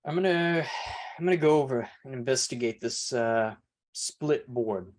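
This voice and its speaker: A man's voice: mid-range voice, moderate pace. A man playing a tabletop horror game, casual and hesitant, thinking aloud with fillers. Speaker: player.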